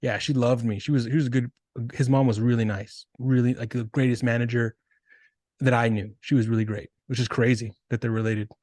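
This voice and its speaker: A man in his thirties hosting a podcast, telling stories in a relaxed way and acting out what people said. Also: medium pitch, fairly quick, no echo. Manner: relaxed storyteller, acts out quotes. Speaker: podcast host. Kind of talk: casual storytelling chat.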